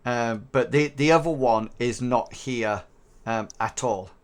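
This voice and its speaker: Man, game master, relaxed narration, slow pace, fillers. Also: mid-range voice.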